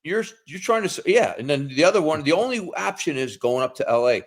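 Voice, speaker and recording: A man talks casually on a podcast in a relaxed, easygoing way. His pitch swings widely, and he leans hard on the things that worry him. He tends to repeat himself when making a point. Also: brisk. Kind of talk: casual chat.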